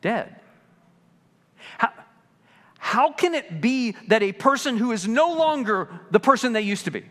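Animated man preaching in reverberant church. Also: very high voice, a little slow, long pauses. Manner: animated preaching, acting out quoted voices. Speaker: pastor. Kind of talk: sermon. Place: church sanctuary.

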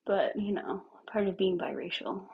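Brief: woman streamer, gravelly and raspy from a lingering cough, casual makeup chat that talks through each step, slips into near-whispers. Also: medium pitch, normal speed, narrow, tinny audio. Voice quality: raspy, like a smoker. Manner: chatty, thinks aloud while working, drops to near-whispers. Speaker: livestreamer.

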